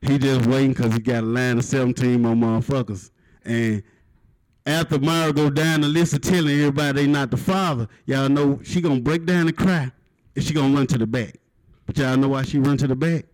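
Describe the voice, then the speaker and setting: A man in his thirties works an open mic stage, talking straight into a handheld mic. His delivery is crude and conversational, and it swings between easy storytelling and sudden loud, punchy bursts. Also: mid-range voice, brisk, no echo, low-quality recording. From Mississippi, USA. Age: 30s. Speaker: stand-up comedian. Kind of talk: stand-up comedy set.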